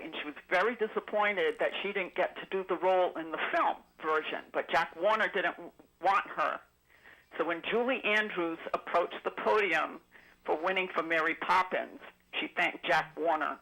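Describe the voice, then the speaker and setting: Bright-toned chatty woman caller. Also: fairly low pitch, poor audio. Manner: chatty, rambling trivia recall with many ums. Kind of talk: call-in radio chat.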